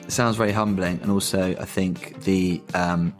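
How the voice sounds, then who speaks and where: A man hosting a podcast in casual chat, hesitant, with many fillers, and quick to laugh. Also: deep voice, steady tone, faint music behind. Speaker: podcast host.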